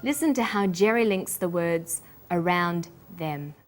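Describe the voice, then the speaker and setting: A woman with an Australian accent hosting a scripted English pronunciation lesson, speaking slowly and articulating each word clearly. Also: lowish voice, expressive, over music. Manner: slow, deliberate, clearly articulated. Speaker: English teacher and host.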